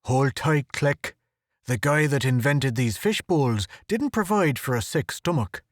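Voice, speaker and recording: A man voicing a gruff, brash big man. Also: medium pitch, animated, measured pace, no room sound, studio quality, natural voice. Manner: gruff, blunt. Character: big, gruff, brash Irish male photographer. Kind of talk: audiobook character reading.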